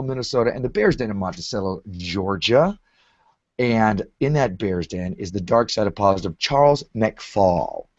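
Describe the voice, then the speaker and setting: A man's voice: medium pitch, no echo. A man hosting a podcast, opening the show with upbeat patter that stumbles a little, in casual chat. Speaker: podcast co-host. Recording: muffled dry remote recording.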